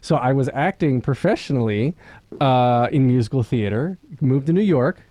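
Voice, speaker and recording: A man's voice: medium pitch, expressive, normal speed, mellow. A man in his thirties co-hosting a podcast, playful and self-deprecating in casual chat. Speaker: podcast co-host.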